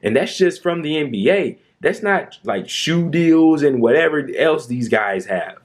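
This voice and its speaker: A man's voice: on the high side, lively intonation, measured pace. A man delivering an opinionated commentary monologue, indignant and sarcastic, pressing his points with emphatic repetition. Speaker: commentary youtuber.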